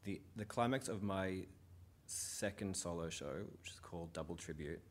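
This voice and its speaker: Deep-voiced New Zealand man telling stories. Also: normal speed. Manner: animated storyteller, slips into quoted voices. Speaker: comedian. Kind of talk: casual chat.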